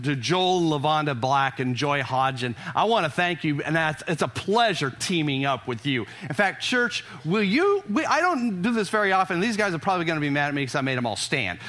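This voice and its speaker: A male pastor preaching a sermon to a live congregation, his voice high and bright. He talks in an emphatic, conversational way and often restarts his phrases as he builds a point. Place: church service before a congregation.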